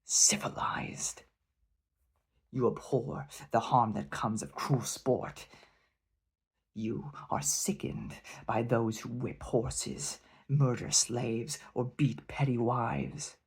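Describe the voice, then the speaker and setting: A man reading aloud and voicing a proud, scornful barbarian warrior king who booms and sneers. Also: fairly even intonation, slow pace, slightly rough, whispered, full character voice. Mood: sneering. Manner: booming, sneering, emphatic. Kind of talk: dramatic reading of a novel.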